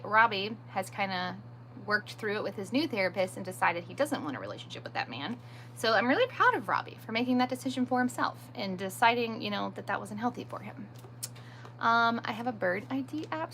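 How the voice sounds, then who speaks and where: A woman with a mid-range, fairly bright voice runs a chatty live stream, responding to viewer comments as they come in. She's self-deprecating but firm with pushy viewers, and a little hiss or hum sits under the audio.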